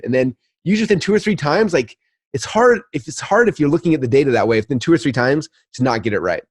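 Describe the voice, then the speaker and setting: A man talking casually as a podcast guest, telling animated stories and acting out both sides of conversations. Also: fairly high pitch, husky. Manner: rapid, animated storytelling with acted-out dialogue. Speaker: guest, marketing entrepreneur.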